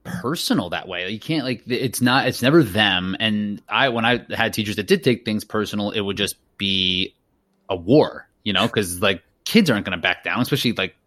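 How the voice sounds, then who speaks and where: A man's voice: lowish voice, normal speed, fairly bright tone, dry recording. A man hosting a running podcast, talking in a loose, chatty way and laughing easily. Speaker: podcast host. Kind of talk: casual podcast chat.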